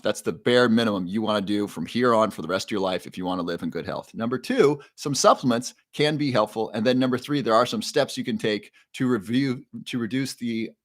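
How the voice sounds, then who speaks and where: A man's voice: on the low side, a little fast, a bit bright, dry recording. Dry-sounding male live-stream host. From Ohio. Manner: reads viewer names and questions from chat aloud. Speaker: livestream host. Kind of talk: casual live-stream chat.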